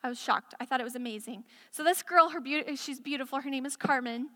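Preaching in a church sanctuary, a woman speaks with a high-pitched, brisk, bright and forceful voice. Her sermon is impassioned and climbs to emphatic declarations. Echoey hall reverb colors the sound.

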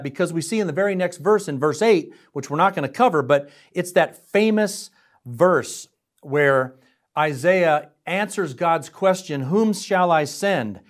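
A man preaching a sermon in an earnest, emphatic way, often asking his listeners questions. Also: a little high. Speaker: pastor.

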